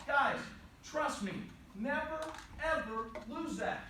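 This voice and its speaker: Before a live audience in a large hall, a motivational speaker from West Virginia gives an inspirational talk to students, animatedly telling a story and acting out quotes with shifting voices. His voice is extremely high and moderately paced. The recording is roomy, distant and noisy.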